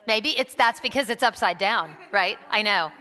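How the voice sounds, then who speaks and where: A woman's voice: medium pitch, animated, normal speed, sharp tone, in a large hall, some chatter behind. A woman leading an interactive children's message during a church service, coaxing and encouraging the kids with lots of questions. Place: church sanctuary.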